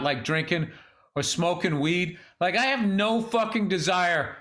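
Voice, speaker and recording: A middle-aged man on a casual comedy podcast, telling an animated story full of swearing. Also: sits high, fairly quick. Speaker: podcast co-host.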